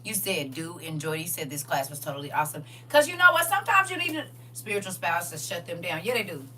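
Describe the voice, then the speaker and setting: Woman livestream host with a bright, forward voice, preachy and chatty, mic set back with faint hiss. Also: fairly low pitch, fast, recorded from a distance. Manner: lively, preachy, laughs often, answers viewers directly. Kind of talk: casual livestream chat reading viewer comments.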